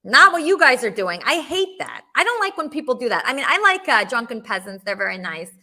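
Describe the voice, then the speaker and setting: Brief: woman call-in host, high lively bright voice, blunt and rambling. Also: a little fast. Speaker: podcast host. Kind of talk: casual call-in chat.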